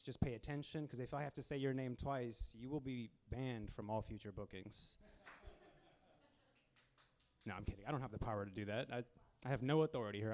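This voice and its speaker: A young man hosting a stand-up comedy show in a small club, talking casually with deadpan asides and acting out customers. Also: mid-range voice, clear, resonant tone.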